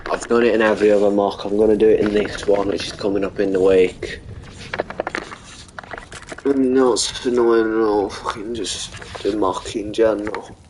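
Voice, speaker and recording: Low-voiced lad moaning about exams, loose, sweary rant in a noisy recording. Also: male voice, fairly even intonation, normal speed. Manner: rambling, sweary, exasperated. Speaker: vlogger. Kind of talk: casual rant.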